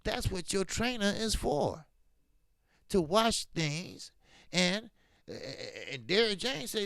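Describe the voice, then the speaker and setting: Slow gravelly man riffing on boxing. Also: high voice, no room sound, studio quality. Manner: animated, emphatic, drifts into slang. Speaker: boxing talk show host. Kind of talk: casual boxing commentary livestream.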